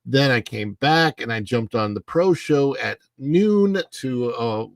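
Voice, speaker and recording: A middle-aged man hosts a relaxed livestream from home and chats through viewer comments. He sounds sleepy, unhurried and rambling, with plenty of fillers. His voice sits at a middling pitch with a gravelly edge and is recorded dry on a close clip-on mic. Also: no room sound. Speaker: livestream host. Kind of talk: casual livestream chat, reading viewer comments. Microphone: clip-on mic under his face.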